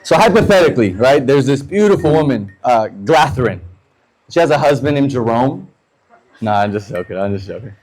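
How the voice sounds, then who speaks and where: A man in his thirties from the United States doing a stand-up set, telling loose, profane stories and slipping into quick voices for the people in them. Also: medium pitch, expressive, darkish tone, low-quality recording. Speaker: stand-up comedian.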